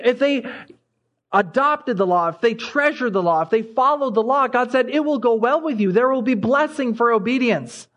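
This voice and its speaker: A man's voice: high-pitched, fairly bright tone. A man preaching a sermon, growing impassioned as he reads scripture aloud. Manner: impassioned, rising when reading scripture aloud.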